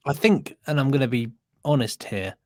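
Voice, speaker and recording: A man's voice: medium pitch, moderate pace, no echo, clean studio sound. A British man co-hosting a podcast, chatting earnestly and enthusiastically. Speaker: podcast co-host. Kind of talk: casual chat.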